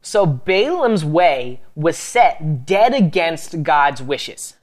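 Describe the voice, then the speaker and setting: Female co-host, lowish voice, calm Bible explainer, conversational. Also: extremely slow. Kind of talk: casual Bible storytelling.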